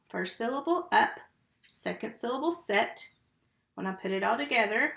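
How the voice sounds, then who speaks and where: A woman who teaches first grade, giving a slow, patient remote phonics lesson and sounding out syllables and letters. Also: fairly high pitch, animated, creaky, fairly bright tone, roomy sound.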